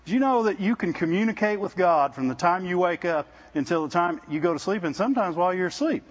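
Preaching a sermon as a visiting speaker at a church service, a man talks loosely and conversationally, often stumbling and repeating words before continuing, and keeps turning to the congregation with "Amen?" His voice is high for a man, with lively intonation and a quick pace. The recording is muffled and lo-fi.

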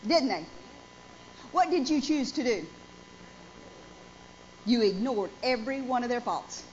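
A woman's voice: fairly high pitch, animated, a little slow. A woman in her forties preaching a sermon in a church, speaking emphatically and putting questions to the congregation. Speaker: pastor. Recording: dull lo-fi sound with faint noise.

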